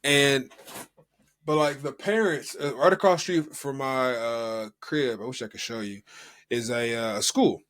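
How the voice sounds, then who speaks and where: Man, American, young adult, podcast co-host, casual chat, rambling, lots of fillers, medium pitch. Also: measured pace, a bit bright. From United States. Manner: rambling storytelling with many fillers.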